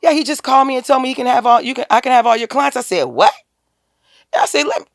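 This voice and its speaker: A woman, a guest on an interview podcast, telling a personal story in a casual, animated way and acting out the quoted dialogue with a lifted voice. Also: high-pitched, fast, vocal fry, no echo, clean studio sound. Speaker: podcast guest, tax business owner.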